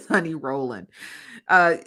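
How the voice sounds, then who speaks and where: A woman's voice: deep voice, big pitch swings, takes it slowly, fairly bright tone. A woman hosting a casual live-stream commentary, laughing often and calling viewers "honey" and "child" as she reads the chat.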